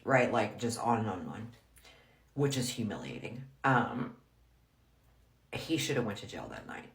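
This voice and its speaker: A woman's voice: a bass voice, animated, a little slow, long pauses. A woman telling a personal story in a frank, blunt, casual way, full of "like". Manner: frank, blunt, heavy use of "like". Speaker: storyteller vlogger. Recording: roomy echo.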